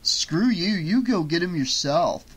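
A man's voice: high-pitched, animated, unhurried, slightly rough, pitched above the performer's own voice, full character voice. A man doing a brash hot-tempered young guy. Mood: mocking. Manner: loud, blustering, mocking. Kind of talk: audiobook character voice.

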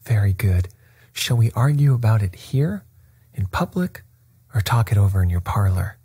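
A man voicing a coolly confident male detective in a bedtime story reading, calm and faintly ironic. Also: fairly low pitch, moderate pace, breathy edge, no room sound, heavily acted.

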